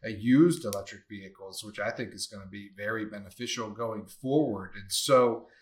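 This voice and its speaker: Blunt low-voiced man in casual talk. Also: moderate pace. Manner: blunt and opinionated, swears casually; thinks aloud in long run-on sentences. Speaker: podcast co-host. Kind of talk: casual podcast discussion.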